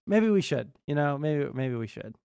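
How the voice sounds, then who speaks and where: A man with a fairly high voice talks through a casual stream reaction. He rambles, swears freely and drifts off in the middle of sentences, and the sound is dry and close. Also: creaky, a little mellow, smooth, no room sound. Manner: rambling, profane, trailing off.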